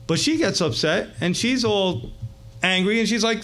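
A man pastor preaching a sermon in a conversational, animated way that keeps checking in with the listeners. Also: high-pitched, moderate pace.

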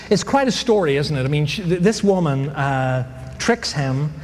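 A man's voice: a little high, lively intonation, normal speed. A man teaching a casual Bible class, telling the story with jokes, sound effects and many fillers. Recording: hall reverb, faint background noise.

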